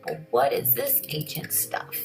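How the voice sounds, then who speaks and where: A woman's voice: rumbling low, huge pitch swings, measured pace, faint music behind, rough recording. A woman chatting casually in a vlog, rambling and correcting herself as she reads through things. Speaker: vlogger.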